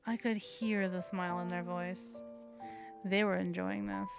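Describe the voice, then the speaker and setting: A woman's voice: medium pitch, steady tone, measured pace, gravelly, fairly bright tone, soft background music. A woman hosting a let's play, reading the game's narration aloud with playful, crude asides. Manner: playful, giggly, crude jokes between narration. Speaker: host.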